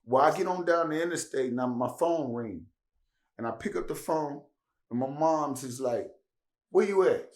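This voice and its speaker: A man's voice: medium pitch, normal speed. A man, telling a story casually as a podcast guest and acting out the dialogue. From Tennessee. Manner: animated, acts out dialogue with raised voice.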